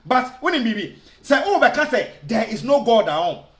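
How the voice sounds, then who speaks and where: A man's voice: very high-pitched, very animated, moderate pace, a bit bright, roomy sound. A Ghanaian man giving argumentative video commentary, switching between Twi and English and firing off rhetorical questions. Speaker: online commentator.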